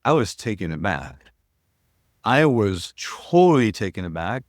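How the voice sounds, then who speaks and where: Older male guest, low-pitched, earnest and reflective storytelling, dry close sound. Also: sing-song, unhurried, no room sound. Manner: earnest, reflective, with frequent restarts. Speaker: guest, shamanism teacher. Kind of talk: personal storytelling in an interview.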